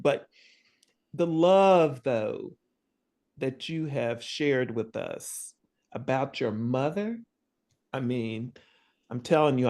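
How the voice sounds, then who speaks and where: A middle-aged woman in a class on a video call, giving encouragement and telling lively stories about her family. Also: a bass voice. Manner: warm encouraging, animated storytelling. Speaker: class participant. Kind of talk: casual supportive chat.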